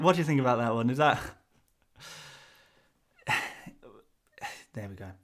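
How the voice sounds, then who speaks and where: A man's voice: medium pitch, animated, a little slow. An English man streaming live, rambling and self-conscious as he answers viewers, laughing often between restarts. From England. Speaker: fantasy football streamer.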